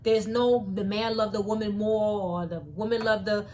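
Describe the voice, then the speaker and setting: A woman's voice: medium pitch, fairly even intonation, moderate pace, warm tone. A woman giving opinionated commentary in a vlog, preachy and repeating her points for emphasis. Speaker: commentary vlogger.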